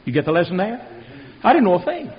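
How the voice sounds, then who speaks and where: An older man preaching a sermon, telling folksy stories that swing from quiet asides to loud outbursts. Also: sits high, very animated, quick pace, breathy edge. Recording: dull lo-fi radio recording.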